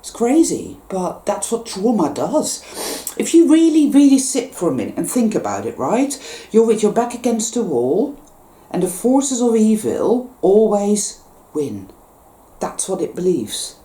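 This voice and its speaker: In a roomy, echoing recording, a woman with a dark-toned, mid-range voice speaks at a measured pace yet very animatedly. The spiritual vlogger's monologue is passionate and emphatic, full of free swearing and phrases repeated for force.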